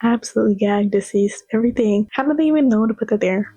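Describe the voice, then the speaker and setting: Chatty young woman with a soft husky voice. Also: a little high, fast talker, no room sound, rough recording. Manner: gushing, slangy, chatty. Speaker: vlogger reacting to clips. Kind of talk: casual chat.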